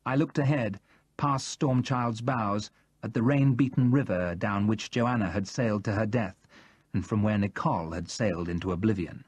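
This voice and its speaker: A man narrating a novel in the first person, in a measured and expressive manner. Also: on the low side, slightly rough, dry recording. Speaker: audiobook narrator.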